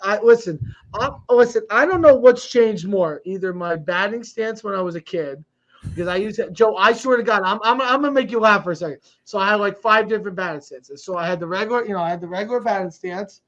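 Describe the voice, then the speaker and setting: A middle-aged man co-hosting a sports podcast, telling rambling stories with excitement and laughing as he goes. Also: sits high, quick pace. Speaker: podcast co-host. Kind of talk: casual chat, storytelling. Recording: dull lo-fi sound.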